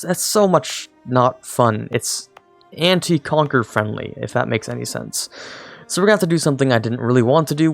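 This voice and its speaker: In casual gameplay commentary, a young man streaming a strategy game rambles on, makes fun of himself, and speaks to his units. His voice is mid-range and gravelly.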